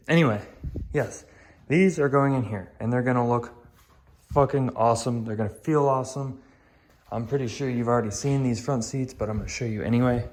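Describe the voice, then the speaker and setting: A man's voice: mid-range voice, slight background noise. A young man vlogging about fixing up his car, talking casually and bluntly, with some swearing and self-deprecating jokes. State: out of breath. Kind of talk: casual vlog. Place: home garage.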